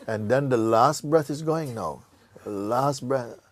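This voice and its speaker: Slow, husky man telling a parable. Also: medium pitch. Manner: lively and animated, laughs often, tags lines with "no?" and "you know". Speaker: spiritual teacher. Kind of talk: storytelling in a spiritual talk.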